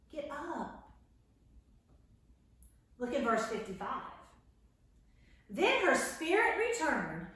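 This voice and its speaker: A woman teaching a Bible class for young children, telling the story in an animated way and speaking loudly so the camera across the room can pick her up. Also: high voice. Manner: animated, acts out voices of the story characters; talks loud to reach the camera. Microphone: far camera mic. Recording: very echoey room, camera far off.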